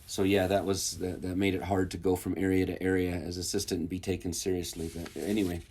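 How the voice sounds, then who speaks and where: Casting: man with a lowish voice, relaxed anecdote teller, chuckles, loose and rambling. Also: fast, slightly rough. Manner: rambling and chuckling, with many fillers and restarts. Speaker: returned missionary telling stories. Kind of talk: casual storytelling interview.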